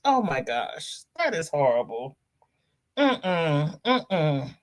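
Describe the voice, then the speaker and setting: Slow-talking, effusive woman host. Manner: effusive and affectionate, calls viewers girl and honey; laughs often, voice swings high when excited. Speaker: livestream host of a crochet show. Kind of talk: casual livestream chat, reading viewer comments.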